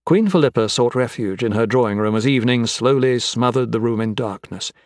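A man narrating a fantasy novel as an audiobook in a measured, dramatic reading. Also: mid-range voice, darkish tone, dry recording, clean studio sound.

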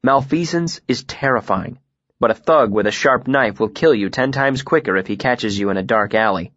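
A man narrates a first-person fantasy tale at a measured, steady pace, his voice in the middle register. The recording is dry and close, with a slightly dull, muffled top end. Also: mid-range voice, no room sound. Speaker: audiobook narrator.

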